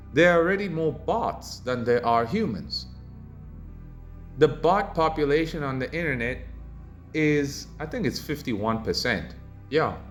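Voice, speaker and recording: A man hosting a commentary video, reading out viewer comments and ranting in a mocking, heated way that climbs into loud exasperated outbursts. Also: mid-range voice. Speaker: commentary channel host.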